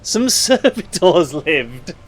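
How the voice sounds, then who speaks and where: A man's voice: fairly high pitch, sing-song, slow pace. A man chatting casually while playing a video game, laughing and tripping over names. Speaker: game streamer. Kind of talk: casual let's play commentary.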